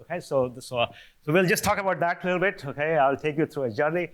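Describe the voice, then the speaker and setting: Man, older, seminar lecture, conversational, frequent check-ins, mid pitch. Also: a little fast. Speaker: seminar speaker. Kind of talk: academic lecture. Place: lecture hall.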